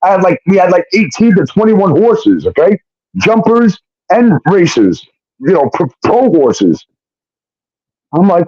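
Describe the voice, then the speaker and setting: This man's voice sits high and moves a little slowly, with no echo, though the stream audio is dull and lo-fi. Guesting on a show, he tells his long story animatedly, cursing frequently and voicing the people involved.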